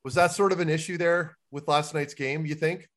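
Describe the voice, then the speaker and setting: A man's voice: on the high side, fairly even intonation, normal speed. A man co-hosting a casual podcast, chummy and joking, swearing casually as he asks questions. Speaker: podcast co-host.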